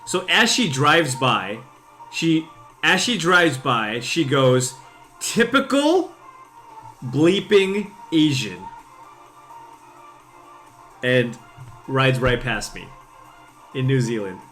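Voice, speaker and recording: A man chats casually on his gaming stream, slightly tipsy, and wanders through a story with plenty of "like" and "you know". His pitch swings widely. His tone stays bright and forward. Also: lively intonation, slow pace, faint music behind. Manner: rambling, with many fillers, restarts and laughs. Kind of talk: casual storytelling chat while playing.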